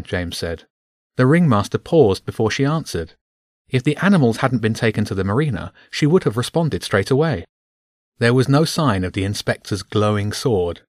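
A man narrates a children's adventure audiobook in an even, measured way. His voice sits on the low side, and the sound is close and dry with no room echo.

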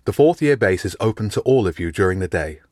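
A man reading an audiobook, voicing a jovial middle-aged woman housemaster who talks briskly and formally. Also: on the low side, lively intonation, darkish tone, no echo, clean studio sound, natural voice.

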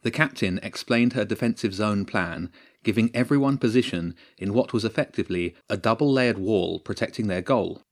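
A man narrating a children's story in a steady, measured way. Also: fairly low pitch.

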